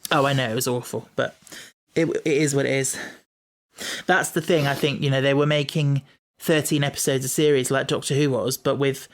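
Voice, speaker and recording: A man's voice: mid-range voice, fairly even intonation, normal speed. A young man co-hosting a podcast, talking casually and hesitantly about a TV episode with many fillers. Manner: agreeable, hesitant, lots of fillers. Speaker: podcast co-host. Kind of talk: casual chat reviewing a TV episode.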